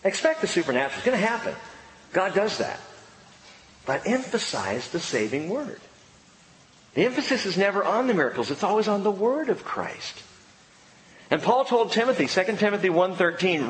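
A middle-aged male pastor preaching a sermon, swinging from excited high exclamations to low, earnest emphasis. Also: moderate pace, long pauses, reverberant, a little hiss or hum, low-quality recording.

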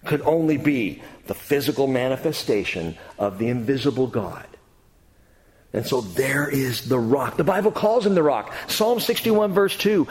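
A man preaching a sermon as a pastor, animated, climbing to near-shouts and dropping to quiet asides. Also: medium pitch, moderate pace, slight background noise. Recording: long hall reverb.

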